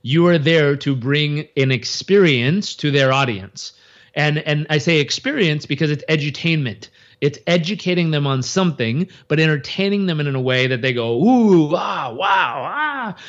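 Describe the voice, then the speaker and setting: A man giving an interview in a casual, animated way, acting out crowd reactions and often restarting his sentences. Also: fairly high pitch, moderate pace, highs cut off. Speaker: interview guest.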